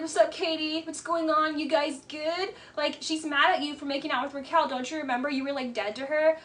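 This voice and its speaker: A woman's voice: high-pitched, fairly bright tone. A woman giving blunt, sarcastic casual commentary on a reality show and mimicking the people in it. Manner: blunt, sarcastic, mocking impressions.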